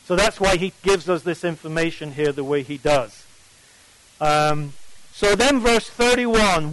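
A man's voice: a little high, unhurried, a bit bright, no room sound, poor audio. A man with an English accent preaching at a morning Bible study, emphatic and often putting questions to his listeners. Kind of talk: sermon.

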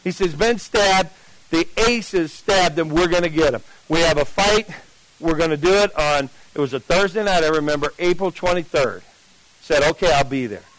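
A man's voice: a little high, normal speed, a bit bright, no echo, rough recording. An older man, telling his life story as a testimony and acting out the voices of the people in it. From New Jersey.

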